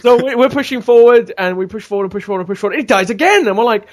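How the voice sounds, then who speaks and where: A man telling a gaming story on a casual podcast, animated and swearing freely. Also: high voice, racing. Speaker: podcast regular.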